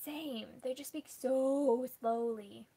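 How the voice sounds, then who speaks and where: This is a woman book vlogger in a relaxed chat with her audience. Her voice sits a little high and carries a soft husky breathiness. She rambles easily, scattering "like" through her sentences and breaking into small laughs. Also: moderate pace. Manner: chatty, many "like" fillers, often laughing. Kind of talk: casual live chat with viewers.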